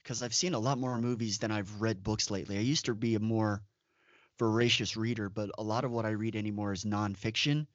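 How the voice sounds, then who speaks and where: A man's voice: lowish voice, fairly even intonation, brisk, dry recording. A man co-hosting a casual podcast chat, talking in an opinionated way with emphatic asides. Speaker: podcast co-host. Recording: dull, dry lo-fi audio.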